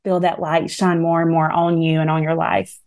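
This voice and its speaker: A woman's voice: deep voice, level tone, normal speed, darkish tone. A middle-aged woman with a Southern US accent, speaking as a guest in a faith talk interview in an earnest, encouraging, preacherly way. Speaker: guest author.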